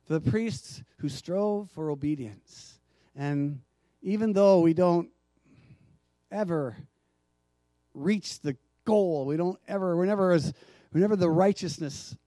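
A man preaching a sermon as pastor, moving from hushed, gentle passages to loud emphatic ones and calling out to the congregation for responses. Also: fairly high pitch, unhurried, no room sound.

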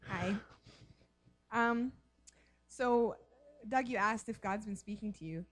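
A woman's voice: medium pitch, takes it slowly, dry recording. A woman in a congregation giving a chatty personal testimony, with laughing asides and many fillers.

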